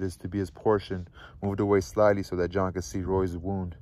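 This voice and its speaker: A man reading a novel aloud in a measured, even storytelling manner. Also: sits low, dry recording. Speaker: reader.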